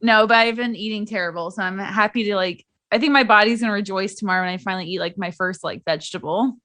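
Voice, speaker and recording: A woman's voice: medium pitch, quick pace, bright, forceful tone. A young woman co-hosting a podcast in casual chat, easygoing and self-deprecating. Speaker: podcast co-host.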